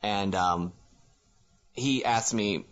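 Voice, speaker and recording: A man's voice: lowish voice, drawn-out words, dull audio. A man co-hosting a podcast, telling a story in a rambling casual way with many fillers and laughs at himself. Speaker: podcast co-host. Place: living in Japan.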